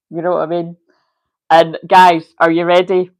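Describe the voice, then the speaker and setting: A woman's voice: lowish voice, little pitch movement, a little slow, darkish tone, no room sound, poor audio. A woman giving a casual livestream tarot reading, chatty, swearing freely and laughing often. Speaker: tarot reader.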